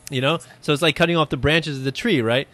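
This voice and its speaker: A young adult man hosting a relaxed interview, talking in a rambling way with lots of fillers and restarts. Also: a little high, fast talker. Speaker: podcast host. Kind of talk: casual conversational interview.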